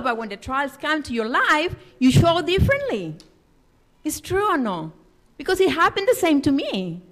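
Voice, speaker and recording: High-voiced woman giving an earnest sermon. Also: sing-song, moderate pace, fairly bright tone. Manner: earnest, emphatic, non-native English phrasing. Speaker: lay preacher. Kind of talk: personal testimony sermon. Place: church.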